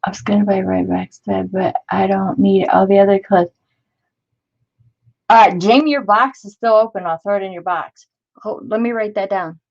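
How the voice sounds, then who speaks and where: A woman's voice: mid-range voice, steady tone, normal speed, creaky, a little mellow, highs cut off. A woman in her forties hosting a crafting livestream, chatting in a rambling way and greeting viewers by name as she reads their comments. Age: 40s. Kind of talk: casual live-stream chat.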